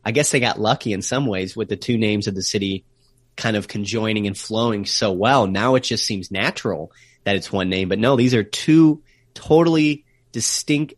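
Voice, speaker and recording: A man co-hosting a travel podcast over a remote call, explaining places at length and slowing down to stress key words. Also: lowish voice, no echo. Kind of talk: casual podcast chat.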